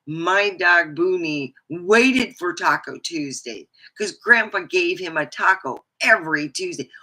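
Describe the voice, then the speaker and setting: A woman hosting her own livestream, talking slowly and wandering from one thought to the next. Her voice is bright and a little sharp, and her speech is frank and peppered with casual curses. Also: lowish voice, lively intonation. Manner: rambling, frank and profane. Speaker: host.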